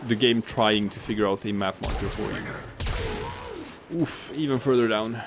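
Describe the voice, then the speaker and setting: A man's voice: lowish voice, normal speed, background noise. A man co-hosting a casual gaming let's play, explaining game mechanics and joking around. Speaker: co-host watching a gameplay let's play.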